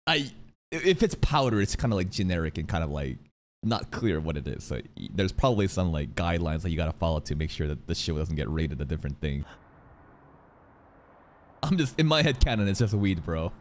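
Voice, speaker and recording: A young man reacts to an anime with jokes and plenty of swearing. His pitch swings a lot, and there is a faint hum of noise behind him. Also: a little fast. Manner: swearing, excitable, jokey. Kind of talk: casual reaction commentary.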